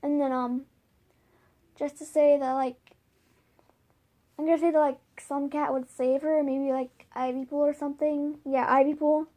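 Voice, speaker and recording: A woman's voice: high voice, level tone, a little slow, pauses often, dark tone. A woman casually making up a fan story at home, rambling with many filler words. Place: home, by a window.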